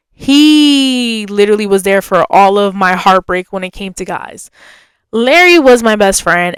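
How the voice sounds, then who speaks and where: With a clear, resonant tone, a woman tells a story on her podcast in an easygoing, talkative style. She leans on "like" as a filler and leaps in pitch to play other characters, and the audio has no echo.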